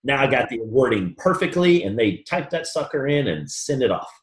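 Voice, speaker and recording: This man has a mid-range voice and a moderate pace, and he's giving a room a motivational sales training talk. He brings his stories to life by acting out both sides of the conversations. Roomy echo colors the sound.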